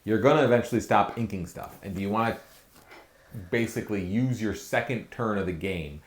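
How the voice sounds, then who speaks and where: A man hosting a podcast, breaking down card game strategy in a quick, analytical way with lots of fillers. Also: lowish voice, reverberant, a little hiss or hum. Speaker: podcast host.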